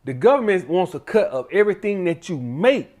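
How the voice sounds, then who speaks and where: A blunt man talks straight to his viewers in a casual, profane advice monologue, checking in with them again and again. His voice sits a little higher than most men's. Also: very animated, brisk, a little mellow. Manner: blunt, profane, keeps addressing the audience as guys. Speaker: channel host giving money advice.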